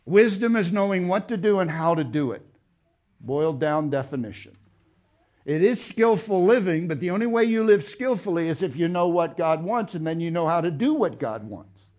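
A man preaching a sermon, emphatic, with rhetorical questions and loud stressed words. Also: on the high side, animated, moderate pace. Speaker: pastor. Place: church.

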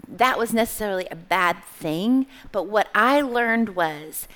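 A middle-aged woman giving a church testimony talk as a small group leader, chatty and animated, asking her audience questions. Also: mid-range voice, unhurried.

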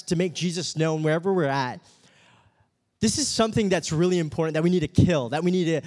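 A man's voice: on the high side, a little mellow. A man giving a casual, humorous sermon as a youth pastor, telling stories in a chatty way with many fillers. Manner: chatty storytelling with frequent fillers. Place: meeting room with a live audience.

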